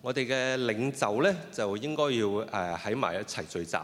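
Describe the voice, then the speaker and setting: A man interpreting a sermon phrase by phrase, often pausing with fillers and restarting his sentences. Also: medium pitch, expressive. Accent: Cantonese. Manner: hesitant, with frequent fillers and restarts. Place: church hall. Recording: long reverb of a hall.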